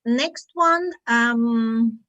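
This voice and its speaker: Slow, demonstrative woman teaching phonics. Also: a little high, bright, forceful tone, highs cut off. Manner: slow, demonstrative, acts out sounds. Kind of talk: online teaching webinar. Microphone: video call.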